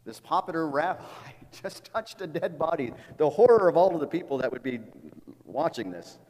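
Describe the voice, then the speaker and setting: A man's voice: on the high side, animated, moderate pace, darkish tone, slight background noise. A middle-aged man preaching a sermon as a pastor, speaking earnestly and often repeating words as he tells a story. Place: church sanctuary. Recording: long reverb of a large hall.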